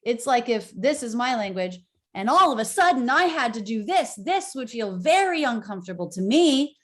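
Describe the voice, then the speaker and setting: A woman coaching English pronunciation, encouraging and demonstrating pitch changes with exaggerated examples. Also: very animated, moderate pace. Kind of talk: accent coaching session.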